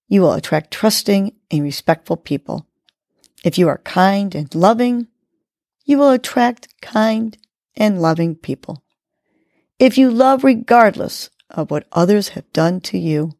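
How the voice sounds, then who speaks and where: Woman host talking slow n calm thru a breathing exercise, bit of vocal fry. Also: on the low side, no room sound, studio quality. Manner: slow, calm guiding delivery. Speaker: podcast host. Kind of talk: guided breathing and affirmations.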